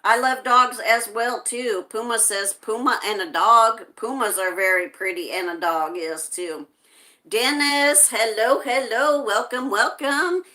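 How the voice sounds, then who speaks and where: A woman hosting a casual livestream, reading viewer comments aloud and answering them gently, with frequent hesitations. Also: fairly high pitch. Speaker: livestream host.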